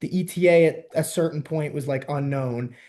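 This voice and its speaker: Animated ranting young man, mellow voice. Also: fairly high pitch, moderate pace. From New Jersey–New York area. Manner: animated, ranting, laughs often. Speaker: podcast host. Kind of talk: casual podcast chat.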